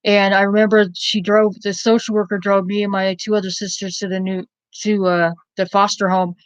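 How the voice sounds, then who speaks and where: A woman's voice: mid-range voice, level tone, moderate pace, dry recording, highs cut off. A woman casually telling a personal story in a blunt, rambling way, with many fillers and some swearing.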